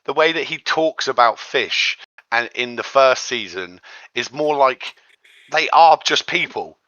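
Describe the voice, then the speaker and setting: A man's voice: mid-range voice, unhurried, pushed and bright, no room sound, lo-fi sound. A man hosting a podcast, chatting casually and rambling, acting out quotes in a raised voice. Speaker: podcast host. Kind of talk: casual chat.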